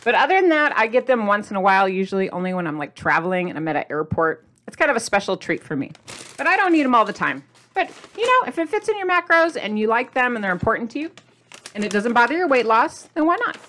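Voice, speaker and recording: A middle-aged woman chatting to camera as a diet vlogger, animated, asking viewers questions and laughing often. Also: a little high, quick pace. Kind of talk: casual chat to camera.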